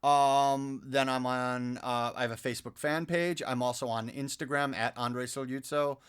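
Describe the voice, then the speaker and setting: Middle-aged man chatting about voices, animated storyteller, drops into impressions. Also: medium pitch, moderate pace, smooth. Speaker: voice actor guest. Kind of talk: casual podcast interview.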